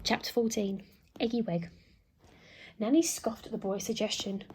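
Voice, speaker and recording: A teacher, a woman, reading a children's book aloud with lively storytelling and acted sound effects. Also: fairly high pitch, normal speed, pauses often, slightly rough.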